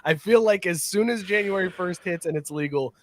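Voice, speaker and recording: A man co-hosting a sports podcast, talking in a rambling, animated way and laughing loudly. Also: sits high, brisk, slight background noise. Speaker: podcast co-host. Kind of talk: casual sports chat.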